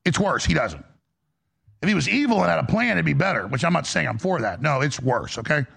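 A man's voice: a little high, sing-song, a little fast, vocal fry, a bit bright, husky. A man hosting a talk radio show with callers, talking in a rambling, emphatic way. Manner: rambling, emphatic, mocking quoted voices.

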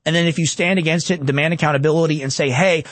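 A man in his twenties rants through heated, sarcastic political commentary. His voice sits high for a man, and it is recorded close and dry with no room sound. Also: steady tone, racing, a bit bright, no room sound. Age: 20s.

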